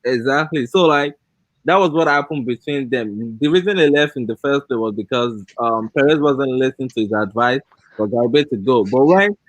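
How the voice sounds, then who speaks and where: A man's voice: medium pitch, fairly quick, no echo, poor audio. A man co-hosting a casual football podcast, rambling through his explanations with many fillers.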